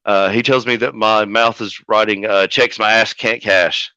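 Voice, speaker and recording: A man who manages pro wrestlers, telling a story as a podcast guest in a profane, animated way. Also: fairly low pitch, normal speed, smooth, no echo. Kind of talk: casual storytelling. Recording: dull lo-fi audio.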